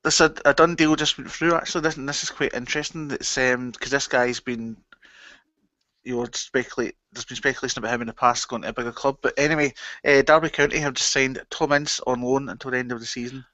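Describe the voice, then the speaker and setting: A man's voice: medium pitch, fairly even intonation, fast talker, sharp tone, no echo. A man co-hosting a livestream in casual chat, laid-back and often giving short replies. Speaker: livestream co-host. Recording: dull, lo-fi stream audio.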